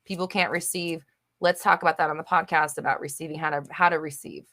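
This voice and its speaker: A woman's voice: sits low, fairly even intonation, fast talker, a bit bright. A young adult woman hosting a live Q&A, reading viewer comments and answering in a blunt, emphatic way with casual swearing and lots of fillers. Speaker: host of a live manifestation Q&A.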